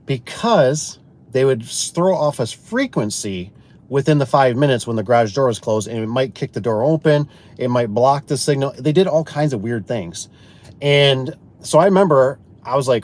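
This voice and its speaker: A garage door installer and business owner chatting to viewers, rambling through folksy work stories and acting out both sides of conversations. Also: male voice, mid-range voice, lively intonation, fairly quick, a little mellow. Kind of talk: casual storytelling to viewers.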